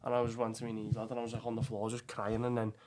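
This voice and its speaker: A man's voice: lowish voice, completely flat delivery, rapid-fire, a little mellow. A young man with a Liverpool Scouse accent, a podcast guest telling a personal story bluntly, swearing often and calling the listener "lad". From England. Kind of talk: emotional storytelling.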